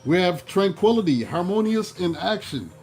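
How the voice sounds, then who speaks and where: A man with a slightly raised voice reads tarot cards in a casual, playful manner. He teases the listener and throws in jokey asides and quick mocking voices. Faint music plays underneath. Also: high voice, lively intonation, a little mellow. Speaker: tarot reader.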